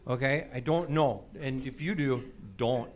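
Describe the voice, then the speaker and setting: A man's voice: mid-range voice, unhurried. A man in his forties doing a self-deprecating stand-up set on a comedy club stage. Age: 40s. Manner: self-deprecating, sheepish storytelling. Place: comedy club stage before a live audience. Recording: loud laughing crowd, noisy club.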